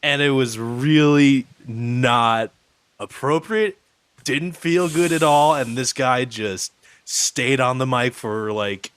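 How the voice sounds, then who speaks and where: A man's voice: mid-range voice, slow, a bit bright, clean tone, dry recording. A man co-hosting a podcast remotely in casual chat, rambling and swearing, padding his talk with "like.". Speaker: podcast co-host. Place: on the road, remote call.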